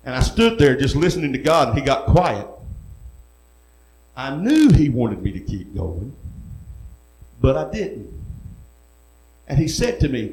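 A man's voice: fairly high pitch, sing-song, measured pace, pauses often, a little mellow. A man preaching, telling his own testimony in an earnest, folksy way with rural speech. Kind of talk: sermon testimony. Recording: echoey room.

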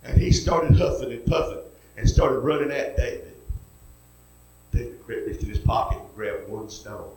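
A man's voice: mid-range voice, animated, moderate pace, darkish tone, heavy reverb, poor audio. A man preaching a sermon, retelling a story in a folksy way and acting out each character.

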